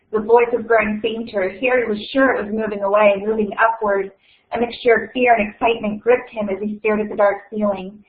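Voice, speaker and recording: A young woman hosting an online reading event and reading a story aloud, chatty and unhurried, with plenty of fillers. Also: on the high side. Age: young adult. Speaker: event host and reader. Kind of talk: casual hosting and book reading. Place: at home on a video call. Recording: echoey tinny online call audio.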